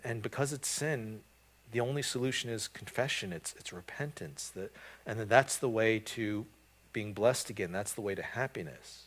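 A man's voice: fairly low pitch, a bit bright. Earnest male preacher with surging emphasis. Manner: earnest preaching with rising, emphatic bursts and frequent restarts. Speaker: pastor. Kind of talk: sermon.

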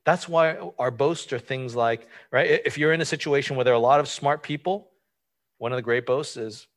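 A man's voice: medium pitch, fairly quick. A man preaching a conversational sermon, informal and explanatory, often asking rhetorical questions. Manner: informal, asks rhetorical questions, frequent fillers.

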